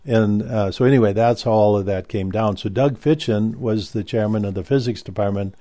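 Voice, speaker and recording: A man's voice: on the low side, normal speed, mellow. An older man telling a story about his past in a casual, rambling way, often stopping and restarting. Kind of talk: casual spoken recollection.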